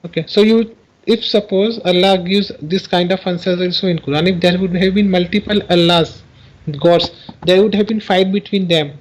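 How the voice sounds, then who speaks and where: A man with a notably high voice calls in to a live-streamed debate. He explains earnestly and at length, pressing on with his point even when cut off. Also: normal speed, low-quality recording. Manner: earnest, explains at length, talks over interruptions. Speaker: caller in a debate.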